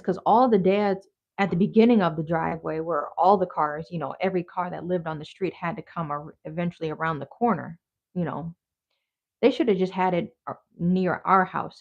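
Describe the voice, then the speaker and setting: A woman's voice: on the low side, gravelly. A woman from Wisconsin telling a story in a casual, chatty, blunt way as a vlogger. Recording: dull lo-fi audio.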